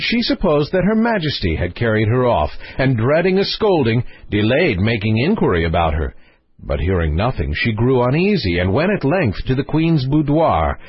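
A man narrating a fairy tale in an expressive, lilting storytelling manner. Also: mid-range voice, slightly rough, dry recording, muffled recording. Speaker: audiobook narrator.

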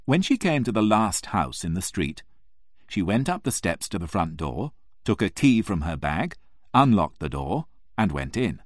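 A man narrating a story in the first person, in an expressive, emotional storybook reading. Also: low voice, normal speed, no room sound, clean studio sound.

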